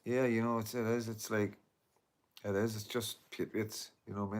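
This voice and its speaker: Low-voiced man, rambling. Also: little pitch movement, normal speed. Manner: rambling, repeats "you know what I mean". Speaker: livestream host. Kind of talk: casual livestream chat.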